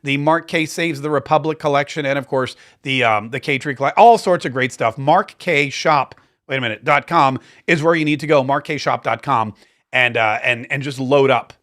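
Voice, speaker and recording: A man hosting a political commentary show, talking in a rambling, sarcastic, animated way. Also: mid-range voice, brisk, hardly any pauses.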